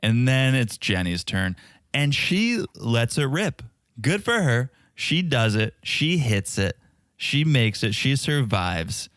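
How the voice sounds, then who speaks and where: A man's voice: medium pitch, very animated, takes it slowly, fairly bright tone, no echo, clean studio sound. A man co-hosting a podcast, chatting casually and joking while recapping a reality show. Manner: joking, playful impressions of the cast. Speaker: podcast co-host.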